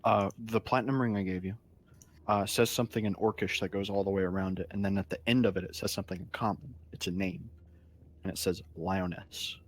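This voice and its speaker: A man's voice: fairly low pitch, fairly even intonation, fast talker, slight background noise. A man playing in a tabletop game, talking casually and swearing now and then. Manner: casual, swearing, laughs often. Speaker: player.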